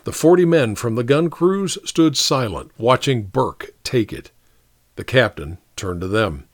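A man calmly narrating a story as an audiobook reader. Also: mid-range voice, unhurried, dry recording, clean studio sound.

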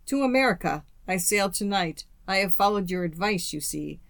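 A brooding young gentleman speaks with bitter, offhand coolness, as an audiobook reader puts him on. The sound is dry and close, with no room around it. The pitch sits in an ordinary middle range. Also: lively intonation, normal speed, creaky, dry recording. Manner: bitter, feigned indifference. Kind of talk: audiobook character reading.

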